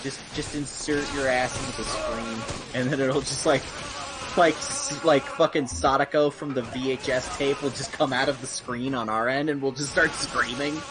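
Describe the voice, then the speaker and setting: A man's voice: mid-range voice, fairly even intonation, normal speed, noisy background. A man hosting a casual stream, chatting with friends over a voice call, rambling, swearing and often laughing. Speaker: stream host. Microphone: voice call mic.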